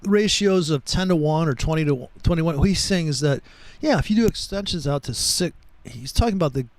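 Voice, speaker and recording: A man's voice: on the high side, expressive, brisk, no echo, low-quality recording. A man hosting a casual trading chat, rambling through stories and swearing freely as he talks over charts. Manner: rambling, profane, storytelling. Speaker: trading show host.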